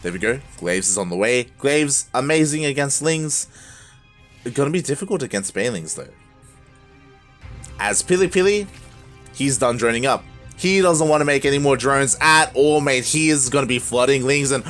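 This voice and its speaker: A man casting a live strategy game tournament, moving from calm play-by-play to loud shouting, laughing often and talking in casual slang. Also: medium pitch, normal speed, soft background music. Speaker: esports caster.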